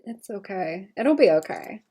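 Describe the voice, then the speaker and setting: While drawing on stream, a woman rambles chattily to her viewers, addressing chat between strokes and letting out a slight cough. Her mid-range voice is dark-toned with a breathy edge, lively in intonation and a little slow.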